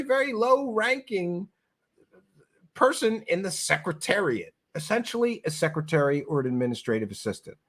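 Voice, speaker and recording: A sarcastic male host delivers emphatic commentary with a high, animated voice that keeps swooping up and down. His tone is bright and forceful, and he drives his points home through repetition. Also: creaky, breathy edge. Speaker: show host. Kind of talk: video commentary.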